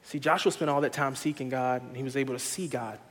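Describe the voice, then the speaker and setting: A man's voice: medium pitch, fairly even intonation, fast. Young male preacher in a reverberant church. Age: young adult. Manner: earnest preaching that builds to loud laughing storytelling. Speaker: pastor. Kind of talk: sermon.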